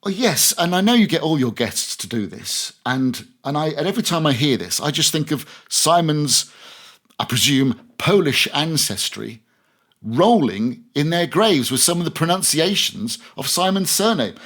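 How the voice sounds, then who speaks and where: A man's voice: on the high side, expressive, moderate pace, a bit bright. A middle-aged man, a radio presenter, chatting as a podcast guest and telling stories with lots of restarts. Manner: rambling storyteller, many restarts. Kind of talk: casual interview chat.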